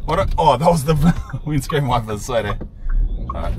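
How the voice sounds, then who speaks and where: A man's voice: mid-range voice, sing-song, normal speed. A young man, vlogging while he drives and joking about it in heavy slang. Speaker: travel vlogger. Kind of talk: casual self-filmed driving commentary. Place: inside a moving car. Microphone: phone camera. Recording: road and engine noise from a moving car.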